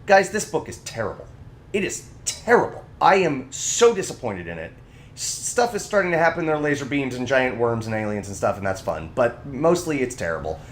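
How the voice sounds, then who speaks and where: A man co-hosting a podcast in casual chat, ranting with animated energy. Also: mid-range voice, brisk, slight background noise. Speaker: podcast co-host.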